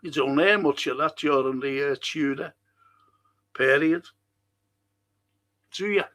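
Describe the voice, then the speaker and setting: A middle-aged man from England with a Liverpool accent hosts a live talk stream, reading viewer comments in a rambling, blunt, indignant monologue and swearing freely. His voice is on the high side, slow and fairly bright.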